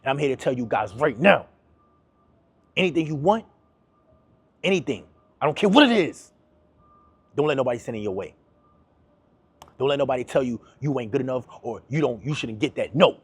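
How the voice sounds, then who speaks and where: A man's voice: medium pitch, lively intonation, normal speed, pauses often, husky, no echo. A man giving a motivational talk to his viewers, emphatic and repetitive, in casual slang. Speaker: motivational YouTuber.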